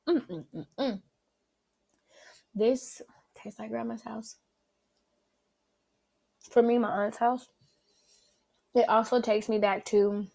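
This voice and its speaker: A woman with a Southern accent hosting a casual solo food-review podcast, chatty and full of "like" and "um," humming as she tastes. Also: mid-range voice. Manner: chatty, many fillers and likes; animated, savoring with hums. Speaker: podcast host.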